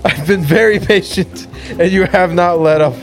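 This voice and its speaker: A man's voice: sits high, moderate pace, soft background music. Blunt, exasperated young man. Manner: exasperated, blunt, swears a lot. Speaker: podcast co-host. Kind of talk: casual podcast banter.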